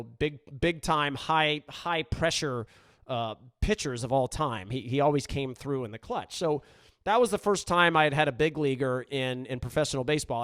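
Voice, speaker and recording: A middle-aged man tells a story on his podcast in a loose, conversational way, often restarting his sentences and dropping in "you know". His voice sits at an ordinary mid pitch. The recording is close and dry, with no room sound. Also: a bit bright, dry recording. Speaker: podcast host. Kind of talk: storytelling in casual chat.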